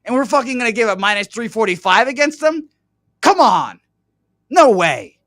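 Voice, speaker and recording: A man's voice: very high-pitched, big pitch swings, normal speed, sharp tone, no room sound, clean studio sound. A man hosting a sports betting show, ranting angrily and swearing heavily in casual talk. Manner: angry profane rant. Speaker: host.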